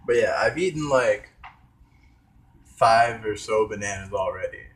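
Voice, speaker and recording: A man's voice: fairly low pitch, a little slow, fairly bright tone. A young man vlogging in a rambling, hesitant casual monologue, talking while eating with his mouth full. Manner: hesitant, trailing off, many fillers.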